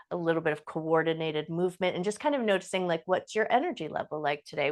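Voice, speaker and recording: A woman teaching a yoga class, giving calm, encouraging movement cues with slow, drawn-out phrases. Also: on the low side. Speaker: yoga instructor. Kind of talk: guided yoga class instruction.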